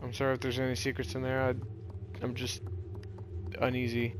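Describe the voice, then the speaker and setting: A man's voice: medium pitch, monotone, a little fast, background noise. A young man giving let's-play commentary on a horror game, nervously muttering to himself as he plays. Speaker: gaming channel host. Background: game music.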